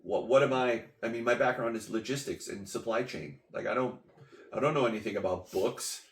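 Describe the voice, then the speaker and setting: A man's voice: on the low side, a little fast. A man hosting a podcast, telling a story in a playful, jokey way and acting out voices and sound effects. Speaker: podcast host. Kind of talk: casual storytelling monologue. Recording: echoey room.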